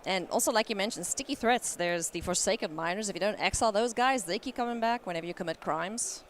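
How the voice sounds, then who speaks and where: A woman doing live card game commentary at a tournament, playful and quick to laugh. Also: a little hiss or hum. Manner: playful, laughs often, animated swings in pitch. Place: convention hall.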